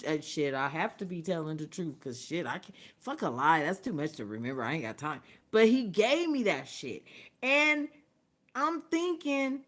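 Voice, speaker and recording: Profane, laughing woman telling a story. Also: mid-range voice. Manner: profane, animated, laughs often while telling. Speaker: livestream host. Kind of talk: casual storytelling. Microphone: phone or webcam, livestream.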